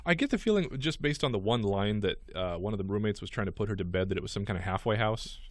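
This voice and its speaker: Animated male radio host, dry sound. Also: fairly low pitch, fast talker, dry recording. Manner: animated, reads news stories aloud with wry asides. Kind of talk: casual comedic news chat.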